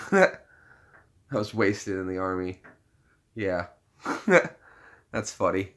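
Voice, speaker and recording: Speaking very slowly in a low voice with little pitch movement and a fairly bright tone, a man chats casually with his live-stream audience. His talk rambles through filler-laden restarts as he jokes about himself and laughs often.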